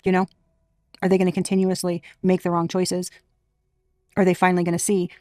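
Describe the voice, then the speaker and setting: A woman's voice: lowish voice, monotone, a little fast, darkish tone, no room sound. A woman reads tarot for her viewers in a loose, chatty way. She is emphatic, swears freely and laughs often. The recording is dry and close, with no room sound. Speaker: tarot reader. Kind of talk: casual spiritual reading to camera.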